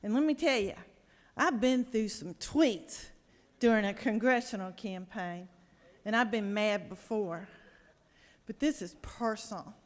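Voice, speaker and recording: A woman's voice: mid-range voice, a little slow. A woman state senator, giving an impassioned, indignant floor speech. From American South. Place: large legislative chamber. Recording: reverberant chamber.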